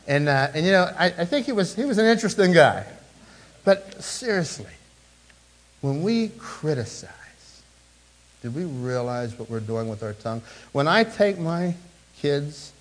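Animated middle-aged male preacher. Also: a little high, measured pace, pauses often, low-quality recording. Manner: animated preaching with sudden drops to a hushed tone; conversational, with asides to the congregation. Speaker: pastor. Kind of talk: sermon.

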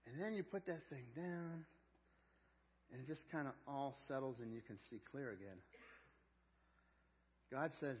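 A man preaching a sermon as a pastor. He is earnest and folksy, repeats words as he searches for them, and swings between loud emphasis and quiet intensity. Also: mid-range voice, a little slow, pauses often. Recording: dull lo-fi church audio.

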